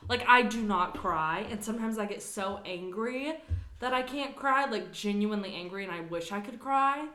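A young woman co-hosting a casual podcast, telling stories in a chatty, animated way with lots of "like". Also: medium pitch, normal speed, reverberant. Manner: chatty, animated storytelling with frequent "like". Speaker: podcast co-host.

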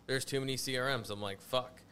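A man's voice: medium pitch, fairly even intonation, quick pace, bright, forceful tone, slight background noise. A man in a casual podcast chat, laid-back and agreeable, swearing casually as he talks.

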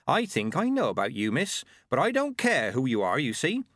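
A man's voice: medium pitch, wildly swooping pitch, moderate pace, no room sound, clean studio sound, pitched above the performer's own voice. A man voicing a blunt, stubborn old village witch and midwife with folksy, rustic speech. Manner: folksy rustic grammar, sharp and feisty.

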